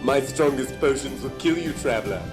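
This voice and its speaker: A stubborn potion-selling shopkeeper, voiced by a man in a comedy clip, turning away a customer with stern dismissal. His voice sits at an ordinary middle pitch. Music plays clearly in the background. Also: expressive, normal speed, lightly acted. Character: stubborn middle-aged male potion seller.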